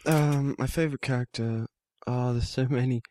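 A man's voice: medium pitch, fairly even intonation, moderate pace, a little mellow, dry recording, clean studio sound. An Australian man, a guest fan on a podcast, chatting casually and hesitantly with many ums. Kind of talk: casual chat.

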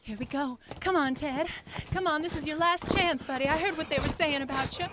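A woman playing a gentle, kind female racehorse in an improv comedy scene, talking softly and tenderly. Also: high-pitched, fairly quick, lightly acted. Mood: encouraging. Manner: soft, tender encouragement. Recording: loud background noise.

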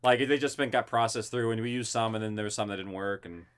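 A man co-hosting a podcast, talking casually and excitedly with lots of fillers. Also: fairly low pitch, quick pace, clean tone. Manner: chatty, animated, full of fillers. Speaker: co-host and voice actor.

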